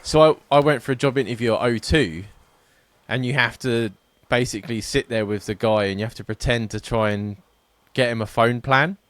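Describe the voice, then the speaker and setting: A man's voice: medium pitch, normal speed, a bit bright, no echo. A man co-hosting a podcast, chatting through anecdotes with many fillers and restarts. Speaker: podcast co-host. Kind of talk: casual chat.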